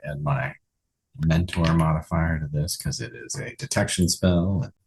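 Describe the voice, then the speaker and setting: A man playing a tabletop game, calm and deliberate, asking about the rules. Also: extremely low pitch, a little hiss or hum. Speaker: player.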